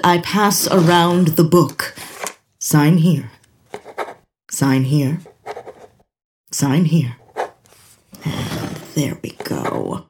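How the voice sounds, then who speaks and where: A woman's voice: deep voice, a little hiss or hum. A woman playing a proud Victorian poetess. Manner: self-important, measured declamation. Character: dramatic Victorian woman poet, proud and dutiful.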